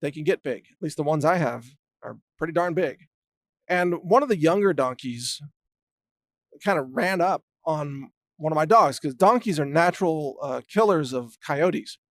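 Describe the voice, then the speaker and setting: A middle-aged man with a fairly high voice spins loose, rambling stories in a casual way, laughing to himself as he goes. He trips over his words and restarts often. The sound is dry and close. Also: expressive, moderate pace, fairly bright tone, dry recording. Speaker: show host. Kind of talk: casual anecdotal storytelling.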